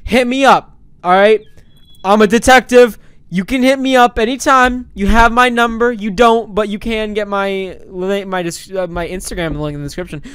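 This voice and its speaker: Young male gaming YouTuber, high and smooth, dry close mic, goofy rambling commentary. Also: steady tone, normal speed, no room sound. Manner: goofy, rambling, playful, sudden loud outbursts. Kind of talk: let's play commentary. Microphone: desk microphone.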